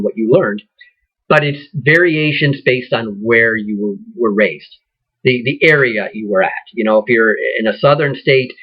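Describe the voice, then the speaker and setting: A man with a Midwestern accent explains acting technique in a loose, rambling way. His voice is husky and sits at a middle pitch. The recording sounds dull and lo-fi. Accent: Midwestern American. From American Midwest. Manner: loose, rambling, with frequent restarts. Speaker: acting teacher. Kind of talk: casual instructional talk.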